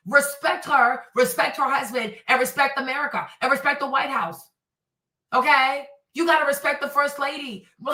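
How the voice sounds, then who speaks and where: A woman's voice: sits high, bright, forceful tone, reverberant, recorded from a distance, poor audio. A woman hosting a commentary stream, ranting in an indignant, preachy way and repeating herself for emphasis. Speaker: commentary host.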